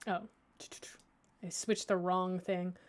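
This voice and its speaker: A woman librarian giving a casual software tutorial, thinking aloud, with lots of fillers and restarts and a playful, self-mocking humor. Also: fairly low pitch, little pitch movement, takes it slowly. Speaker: librarian teaching audio editing.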